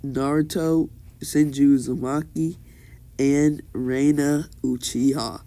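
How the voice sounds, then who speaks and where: A man's voice: mid-range voice, fairly even intonation, takes it slowly, mellow, poor audio. A man voicing an old village leader patiently explaining, with many fillers, in a fan story.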